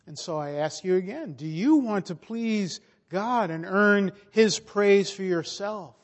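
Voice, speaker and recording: Man, preacher, sermon, slightly high voice, slow emphatic delivery, long hall reverb. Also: expressive.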